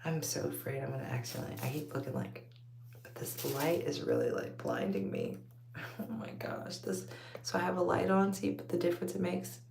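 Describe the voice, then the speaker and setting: A woman's voice: low voice, very animated, fairly quick, creaky, reverberant, background noise. A woman with a Texas accent chatting casually to her viewers late at night at home, rambling, laughing often and calling them y'all. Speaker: vlogger talking to viewers. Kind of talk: late-night casual chat while taking out braids. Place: home at night, under a bright light.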